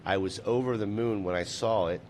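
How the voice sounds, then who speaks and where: A man with a fairly low voice hosts a loose late-night chat, reading viewer comments aloud and swearing freely. A faint low rumble sits under his voice. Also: a little fast, a little mellow.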